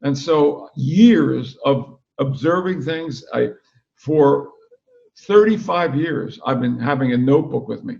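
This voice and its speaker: Older guest storyteller, gravelly and animated, on a video call. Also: male voice, medium pitch, takes it slowly, highs cut off. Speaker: interview guest, author. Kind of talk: casual chat.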